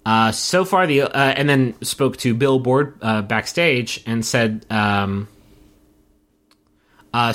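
A man from Appalachia hosting a casual comedic podcast, telling stories with lots of swearing. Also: takes it slowly. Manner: animated storytelling, swearing, jumping up in pitch for quotes. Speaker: podcast host.

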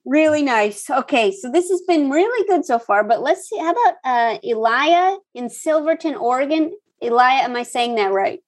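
High-voiced giggly woman hosting a game. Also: lively intonation, moderate pace, few pauses. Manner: chatty, giggly, hesitant. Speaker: game show host. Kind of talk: playful comedy game hosting over video call. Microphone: video call.

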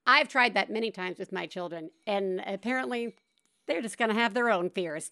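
A middle-aged woman hosting a podcast, telling a story in a casual, animated way and laughing often. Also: medium pitch, normal speed. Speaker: podcast host.

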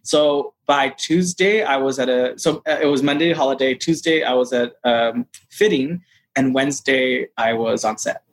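A man being interviewed as an actor, telling a story in a casual, animated way, full of "like" and "you know" and acting out what people said. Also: mid-range voice, normal speed. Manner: animated, acts out quoted dialogue; frequent fillers like "like" and "you know". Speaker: actor guest.

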